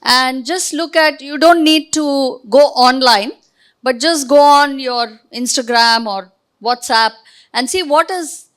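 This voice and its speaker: Brief: woman trainer, high bright voice, brisk directive questions to the room, speaking at a podium mic. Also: clean tone. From India. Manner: directive, quizzing the audience with quick questions. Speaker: workshop trainer. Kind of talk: interactive training session. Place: training room with a live audience. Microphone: podium microphone.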